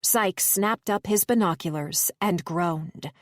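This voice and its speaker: A woman reading audiobook narration in a measured, even way. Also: lowish voice, no room sound, studio quality.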